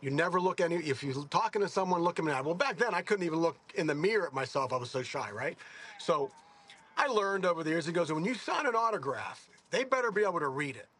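A man's voice: fairly high pitch, fast talker, husky. A man in his sixties telling rambling stories in a casual interview, correcting himself as he goes. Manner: rambling, self-correcting, animated. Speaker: golfer.

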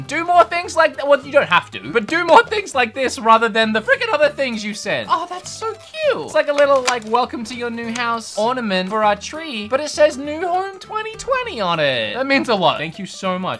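A woman hosting a casual vlog while opening fan mail, excitable and jokey with a sarcastic streak. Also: a little high, moderate pace, faint music behind. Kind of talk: casual chat.

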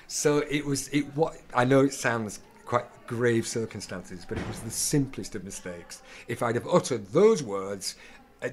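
A man's voice: medium pitch, moderate pace. A middle-aged man, a guest actor chatting casually and acting out quoted voices as he tells stories. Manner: animated storyteller, acts out quoted voices, laughs often. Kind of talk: casual anecdotal chat.

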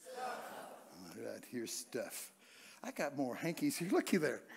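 A man's voice: mid-range voice, very animated, unhurried, creaky, a crowd in the background. An older man preaching a humorous, folksy sermon full of stories, often laughing and acting out voices.

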